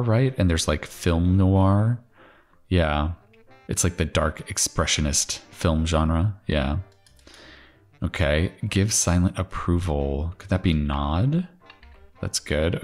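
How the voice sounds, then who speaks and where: A man casually thinking aloud as he solves a crossword, musing and correcting himself with chatty asides. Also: sits low.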